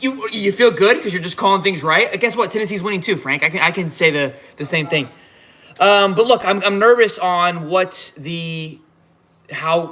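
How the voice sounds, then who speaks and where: A man's voice: on the high side, pushed and bright. A tipsy man hosting a live halftime reaction stream, fired up and rambling with frequent restarts. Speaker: fan livestream host.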